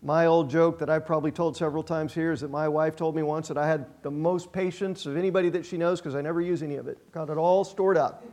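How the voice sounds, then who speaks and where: High-voiced man preaching conversationally. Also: steady tone, fast, few pauses, darkish tone. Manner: conversational and self-deprecating, with emphatic repetitions. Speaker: pastor. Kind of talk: sermon.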